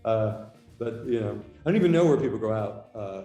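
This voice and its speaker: A man from the USA speaks as a guest on a video call in a mellow, warm tone, earnest and halting with frequent restarts. The sound is roomy, with faint music behind him. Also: lowish voice, expressive, dull audio. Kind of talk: casual interview chat.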